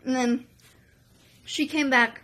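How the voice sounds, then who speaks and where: Female vlogger with a high-ish voice, excitable storytelling full of fillers. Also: slow. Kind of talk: storytime vlog.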